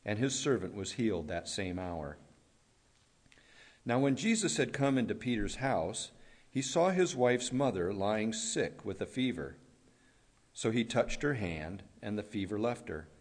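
A man reading a long scripture passage aloud in a measured, steady way. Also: fairly low pitch. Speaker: scripture reader.

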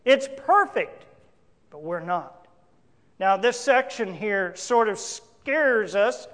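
A male pastor preaching a sermon, emphatic, with big swings between loud declarations and quiet asides. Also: very high voice, in a large hall.

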